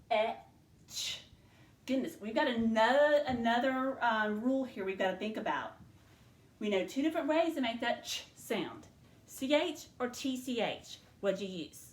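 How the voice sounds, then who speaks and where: A woman teaching a spelling lesson to young learners, sounding out each letter and syllable slowly and patiently. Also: on the high side, echoey room.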